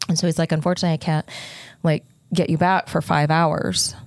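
A woman telling a painful personal story in halting, earnest speech, full of restarts and close to tears. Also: sits low, flat delivery, dry recording. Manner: halting, with many restarts and fillers.

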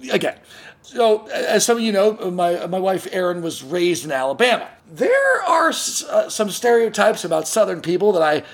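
A man's voice: high voice, big pitch swings, normal speed. A man hosting a casual comedy podcast, telling stories in a rambling way and laughing often. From California. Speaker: podcast host.

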